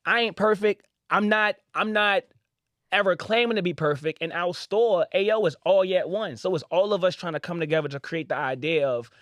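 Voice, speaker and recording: High-voiced, animated male storyteller. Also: normal speed, dry recording, studio quality. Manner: animated, acts out other people's voices. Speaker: boutique owner and podcast guest. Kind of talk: casual storytelling.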